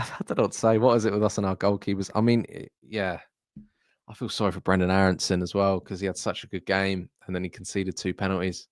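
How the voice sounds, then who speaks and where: Hoarse deflated man reacting live. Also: low-pitched, dry recording, studio quality. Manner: deflated, halting, repeats himself. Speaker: football fan streamer.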